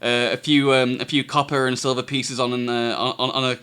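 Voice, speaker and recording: A man's voice: mid-range voice, level tone, fairly quick, bright, forceful tone, clear, resonant tone. A man, narrating a tabletop game as game master. He stammers and restarts often and chuckles a lot.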